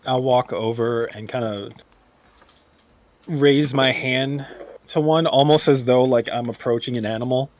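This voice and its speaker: A man's voice: mid-range voice, measured pace. Male player, mid voice, thoughtful descriptive delivery. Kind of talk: tabletop game play.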